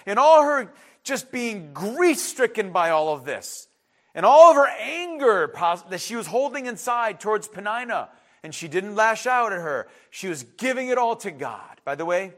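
A man preaching a sermon in a conversational way, asking the listeners questions and repeating words, swinging between loud emphasis and quiet asides. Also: sits high. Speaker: pastor.

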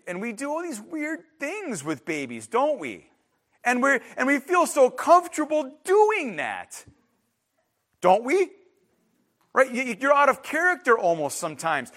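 High, lively male preacher. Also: moderate pace. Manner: emphatic and conversational, with frequent restarts and asides. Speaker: pastor. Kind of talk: sermon.

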